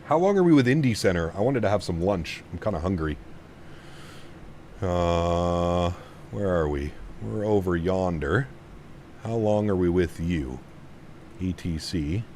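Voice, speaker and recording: Male streamer, low voice, lively casual chat, faint background hum. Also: a little slow, long pauses. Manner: chatty, reads chat aloud, coos at his dog. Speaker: flight sim streamer.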